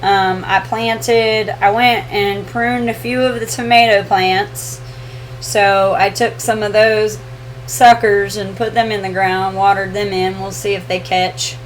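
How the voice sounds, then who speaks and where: A woman co-hosting a casual live question-and-answer chat, easygoing and quick to laugh. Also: medium pitch, fairly even intonation, a little hiss or hum. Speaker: co-host of homestead channel.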